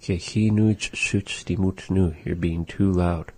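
A man teaching words of his language in a casual lesson, saying them slowly and repeating them. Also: low-pitched, fairly even intonation, warm tone, no room sound.

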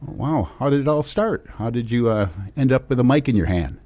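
Lively upbeat male radio host. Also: medium pitch, fairly quick, no room sound. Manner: upbeat, enthusiastic presenter. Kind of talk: radio interview.

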